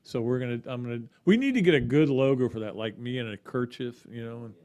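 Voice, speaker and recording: A man's voice: mid-range voice, expressive, brisk, a little mellow. Chatty man hosting a sports podcast. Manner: chatty, rambling, with frequent restarts and asides. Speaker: podcast host. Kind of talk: casual sports podcast monologue.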